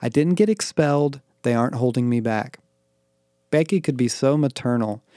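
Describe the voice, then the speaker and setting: A man narrating first-person audio fiction with wry, deadpan asides. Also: mid-range voice, smooth, dry recording, clean studio sound.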